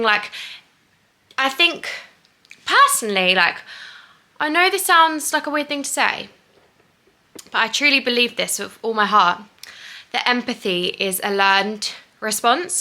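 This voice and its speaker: A woman's voice: mid-range voice, bright, forceful tone, a little hiss or hum. A young woman talking casually to her own camera indoors, open and chatty, with a lot of "like" fillers. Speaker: vlogger and interviewer. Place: indoors, in a flat used as a set. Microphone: handheld camera.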